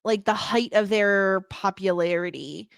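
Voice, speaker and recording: A woman's voice: mid-range voice, unhurried, gravelly, smooth, no room sound, clean studio sound. A woman from the United States co-hosting a podcast in casual chat, laughing often. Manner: chatty, laughing, lively asides. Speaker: podcast co-host.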